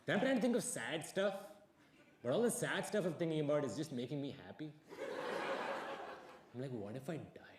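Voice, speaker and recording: A man's voice: fairly high pitch, fairly quick, pauses often. A young man telling stories in a stand-up comedy set, acting out the dialogue as he goes. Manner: animated storytelling with acted-out dialogue. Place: comedy stage with audience. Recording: echoey venue with background noise.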